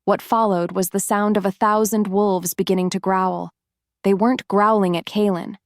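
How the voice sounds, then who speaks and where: A woman reads a romance novel aloud in a steady, even way. Her voice sits at a middle pitch. The recording is dry and close. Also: normal speed, no echo. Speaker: narrator. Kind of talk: scripted audiobook narration.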